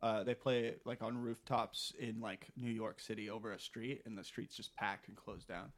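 A man's voice: lowish voice, flat delivery, moderate pace. A man chiming in enthusiastically during a casual podcast chat.

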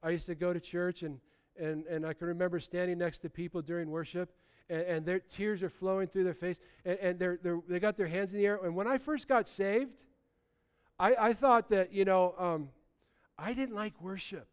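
A man preaching a sermon in a lively, conversational way, often restarting his sentences. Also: sits high, normal speed, clear, resonant tone. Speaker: pastor.

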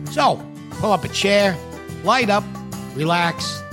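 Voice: medium pitch, lively intonation, slow pace, music in the background. A scripted, laid-back announcer voice introducing a podcast.

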